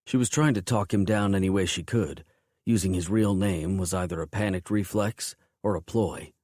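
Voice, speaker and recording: A man narrating a first-person romance audiobook in a low, intense, measured way. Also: darkish tone, no echo, clean studio sound.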